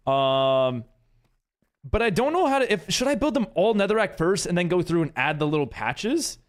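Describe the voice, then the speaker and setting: A man's voice: high-pitched, very animated, moderate pace. A man streaming a game live, chatting casually with viewers and reading chat aloud in a rambling way full of fillers.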